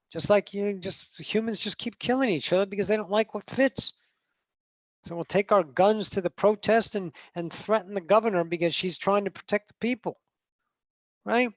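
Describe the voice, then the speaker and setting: A woman's voice: animated, normal speed, no echo. Blunt, profane trans woman channeling on a dull call. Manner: blunt, profane, swings from low murmurs to loud outbursts. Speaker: spiritual teacher channeling. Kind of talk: channeling session talk. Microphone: video call. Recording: dull, dry video call audio.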